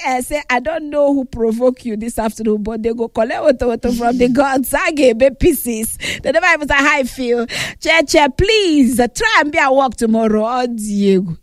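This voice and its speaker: A woman's voice: sits high, dry recording, clean studio sound. Woman laughing, teasing Nigerian radio host. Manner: laughing, teasing, loud and animated. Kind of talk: lively Pidgin radio banter. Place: radio studio.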